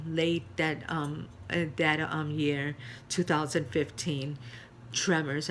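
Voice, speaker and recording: Woman pastor, middle-aged, earnest personal testimony, halting with fillers, lowish voice. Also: vocal fry, fairly bright tone, a little hiss or hum. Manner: earnest storytelling with many fillers.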